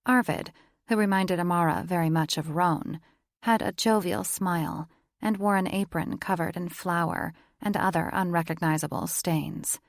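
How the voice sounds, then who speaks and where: Woman reading a romance audiobook, gravelly kinda low voice, super dry. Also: moderate pace, no room sound. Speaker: audiobook narrator. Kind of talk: scripted narration.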